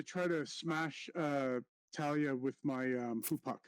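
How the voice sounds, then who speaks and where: A man playing a tabletop game, talking slowly and haltingly as he plans his turn. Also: fairly high pitch, fairly even intonation, dry recording. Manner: slow, halting with fillers. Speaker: player.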